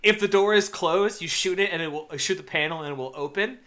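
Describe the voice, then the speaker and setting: A man co-hosting a casual movie-review podcast, animated, swearing freely and laughing as he talks. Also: high voice, fast talker. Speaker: podcast co-host.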